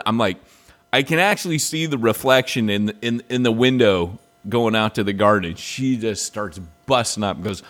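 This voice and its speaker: A man co-hosting a podcast, telling a rambling, animated story in casual chat and jumping up in pitch when he quotes his wife. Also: normal speed. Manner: rambling, many restarts. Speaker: podcast co-host.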